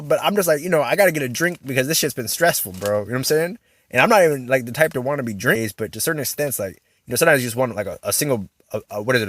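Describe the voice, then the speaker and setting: Young guy rambling on a vlog, swears a lot, says bro constantly, kinda high voice. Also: fairly bright tone. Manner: rambling, profane, filler-heavy slang, says "bro" constantly. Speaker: vlogger.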